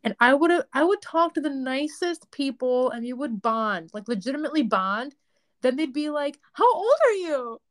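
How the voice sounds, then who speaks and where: A young woman co-hosting a podcast, chatting casually. She tells stories with lively energy and puts on voices for the people in them, with a slightly high voice. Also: moderate pace. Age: 20s. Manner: animated storytelling, acts out quoted voices. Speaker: podcast co-host. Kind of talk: casual chat.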